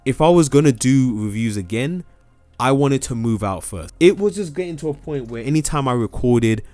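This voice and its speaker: A man's voice: medium pitch, lively intonation, normal speed, warm tone, no room sound, soft background music. A young man, a gaming YouTuber, talking casually to his viewers from his own room in a rambling way, full of fillers and restarts. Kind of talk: casual talking-to-camera update.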